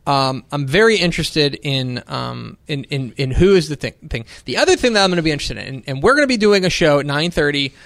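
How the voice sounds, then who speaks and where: This man has a slightly higher-pitched voice and talks in a relaxed, chatty way as a co-host. He tells animated stories and slips into the voices of the people he quotes. The sound is close and dry, with no room echo. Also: fast, gravelly, hardly any pauses. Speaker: podcast co-host. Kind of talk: casual sports chat.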